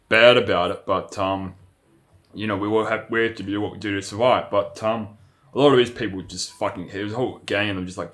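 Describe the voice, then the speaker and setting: A man's voice: low voice, a bit bright. A young man, rambling through a profane, casual vlog monologue full of restarts. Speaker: vlogger.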